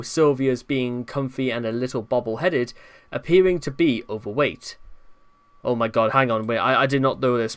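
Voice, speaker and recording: A man hosting an online commentary video, reading notes and breaking off in exasperated, rambling asides. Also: medium pitch. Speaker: commentary channel host.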